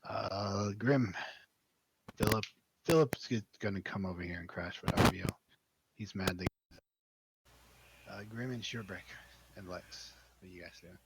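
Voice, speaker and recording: A young man narrating as dungeon master in a relaxed manner, with hesitant fillers. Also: sits low, unhurried, long pauses, a little hiss or hum. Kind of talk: narrating a tabletop game.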